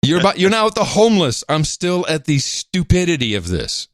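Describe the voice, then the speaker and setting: Animated male podcast co-host. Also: fairly high pitch, fairly quick, dry recording, studio quality. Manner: animated, mimics voices when quoting. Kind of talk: casual chat.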